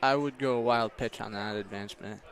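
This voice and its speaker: A man's voice: lowish voice, a little fast, gravelly, fairly bright tone. Laid-back joking baseball color man. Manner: laid-back, playful asides. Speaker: color commentator. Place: outdoor ballpark broadcast booth.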